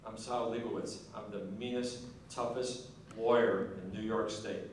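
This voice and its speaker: A man's voice: lowish voice, steady tone, normal speed, slight background noise, natural voice. A man voicing a brash, boastful young male lawyer from the big city, inside a joke he tells at a banquet. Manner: pushy, boastful. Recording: echoey banquet hall, distant mic.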